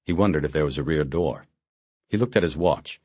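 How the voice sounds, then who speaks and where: Deep-voiced man narrating a novel. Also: breathy edge, dry recording, lo-fi sound. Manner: steady, measured reading. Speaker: audiobook narrator. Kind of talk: scripted narration.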